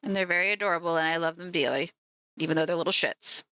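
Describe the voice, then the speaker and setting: A woman's voice: on the low side, quick pace, pushed and bright, clean tone, dry recording. A woman streaming as she paints miniatures, chatting casually and teasing her cat at home. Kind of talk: casual live-stream chat.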